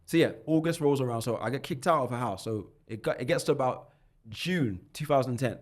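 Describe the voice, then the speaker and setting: A brisk, mid-pitched male voice belongs to a London podcast guest in his twenties narrating his life. The delivery is animated and packed with slang, marked by frequent restarts and repetitions.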